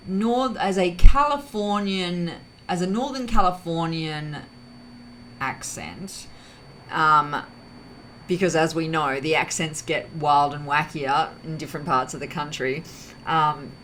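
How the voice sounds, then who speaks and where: A woman talks to camera in a loose, wandering monologue, stopping to correct herself and reach for words. Her voice sits low for a woman but swings widely in pitch. Faint background sound sits under her voice. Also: fairly bright tone, a little hiss or hum, low-quality recording. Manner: rambling, self-correcting, heavy use of fillers. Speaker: vlog host. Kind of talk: casual reflective monologue.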